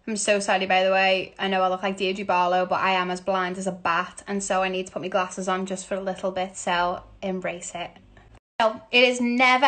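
A young woman with a Liverpool accent chats away into her phone camera. She is bubbly and quick to mock herself, answering fan questions with frequent laughs in a loose, casual way. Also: mid-range voice, fairly bright tone. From Liverpool, England. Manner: chatty, bubbly, self-mocking, laughs often. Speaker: musical theatre actress. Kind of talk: casual Q&A chat.

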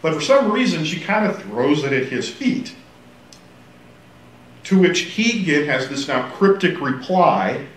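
Man teaching bible class, animated pitch, echoey room, faint hiss. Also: a little slow, distant mic. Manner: animated, joking, acts out quotes. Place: church classroom.

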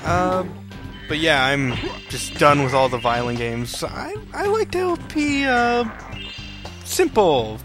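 A man's voice: fairly high pitch, big pitch swings, slow pace. Young guy doing a let's play, goofy jokes, voice bouncing all over, game music going underneath. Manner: goofy, joking asides to the viewer. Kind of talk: casual game commentary.

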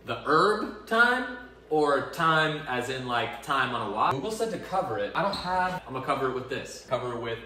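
A man's voice: mid-range voice, very animated, moderate pace, pushed and bright, roomy sound, recorded from a distance. A man hosting a casual cooking vlog in a home kitchen, joking and self-deprecating as he rambles through the recipe.

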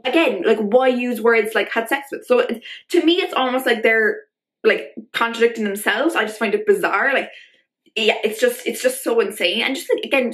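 A woman's voice: fairly high pitch, a bit bright. A young woman talking to camera in a casual vlog, ranting in an exasperated way and saying "like" constantly. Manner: ranty, exasperated, filler-heavy with constant "like". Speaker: vlogger.

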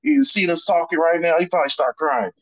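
A man quoting and voicing an eager middle-aged male sports coach, pitching his voice up to sound scratchy and tough. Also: sing-song, a little fast, muffled recording. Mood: excited.

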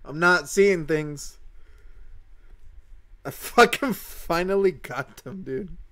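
A young man hosting a mobile game channel, giving casual, excitable commentary while pulling summons, swearing often and swinging from gloomy muttering to shouting. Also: fairly high pitch, takes it slowly.

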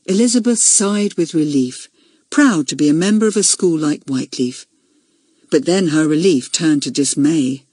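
Audiobook narrator, woman: lively, slightly breathy, close and dry. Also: low-pitched, normal speed, no room sound. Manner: expressive storytelling. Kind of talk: scripted narration.

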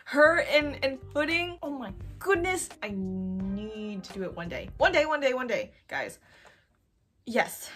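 A young woman chatting casually while browsing online, expressive and given to excited outbursts. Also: fairly high pitch, unhurried, soft background music. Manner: chatty, expressive, swings to loud excited squeals. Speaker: youtuber. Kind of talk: casual screen-recorded shopping commentary.

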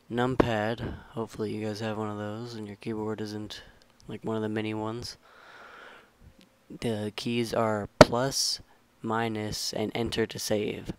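A young man talks through a game modding tutorial in a low, smooth, clear voice. His delivery stays flat and even as he rambles and corrects himself along the way. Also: takes it slowly. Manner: rambling, self-correcting, relaxed instructions. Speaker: tutorial maker. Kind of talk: casual screen-recorded game tutorial.

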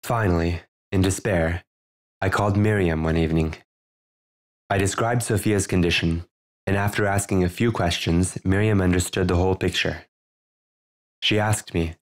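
In a deep, low voice, a man reads his own book audiobook-style, telling his first-person story. His delivery is measured and earnest, with fairly even intonation.

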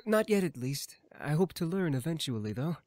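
Damien, a soft caring incubus. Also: male voice, fairly high pitch, big pitch swings, normal speed, no room sound. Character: soft-spoken caring male incubus who reads minds.

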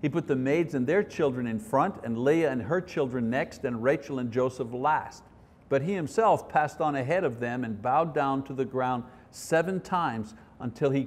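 A man's voice: medium pitch, a little mellow. A middle-aged man leading a Bible study lesson, talking earnestly in a conversational way and reading scripture aloud. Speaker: Bible teacher. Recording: long reverb of a hall.

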